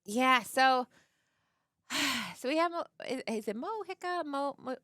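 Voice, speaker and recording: A woman's voice: high-pitched, no echo, clean studio sound. Playful woman commentating a card game. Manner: animated, playful, quick to laugh and act out quotes. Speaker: tournament commentator.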